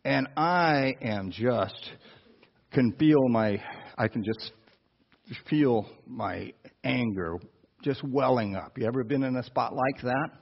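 A man preaching through a personal story, animated, with asides to the listeners. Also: mid-range voice, slow, creaky. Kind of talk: storytelling sermon. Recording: dull lo-fi sound.

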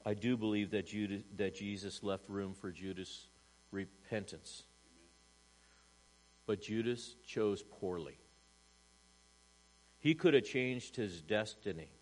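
A man pastor preaching a sermon to a church congregation, swinging from loud emphasis to hushed asides and asking rhetorical questions. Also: lowish voice, normal speed, low-quality recording. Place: church service.

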